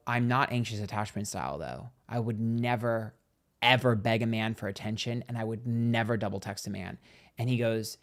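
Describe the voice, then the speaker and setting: A man hosting a live stream, telling a gossipy story in casual chat, acting out what others said and thanking viewers for donations. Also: medium pitch. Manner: chatty and gossipy, acts out quotes, reads donations aloud. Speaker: psychic tarot livestream host.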